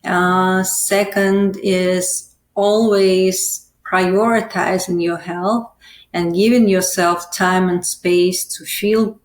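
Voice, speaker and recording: A woman's voice: on the low side, fairly even intonation, very slow. A woman hosting a podcast, speaking in a hesitant way with many "uh" and "um" fillers. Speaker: podcast host. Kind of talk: casual podcast interview. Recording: echoey room.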